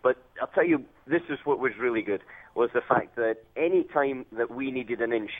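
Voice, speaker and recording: A Scottish racing driver calling into a radio show, talking in a relaxed way with plenty of fillers. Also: male voice, medium pitch, normal speed. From Scotland. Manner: relaxed storytelling with many fillers. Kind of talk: phone interview. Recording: tinny phone line.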